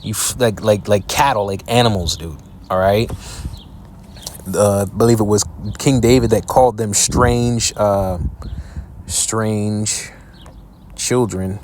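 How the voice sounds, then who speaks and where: A man preaching scripture commentary while reacting to a video, profane and scornful, reading verses slowly. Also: on the low side, darkish tone, a little hiss or hum. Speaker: online preacher.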